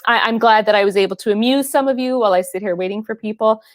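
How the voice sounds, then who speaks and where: A woman's voice: mid-range voice, quick pace, dry recording, studio quality. A woman fitness trainer hosting a casual live stream, chatting and laughing with viewers and calling them by name.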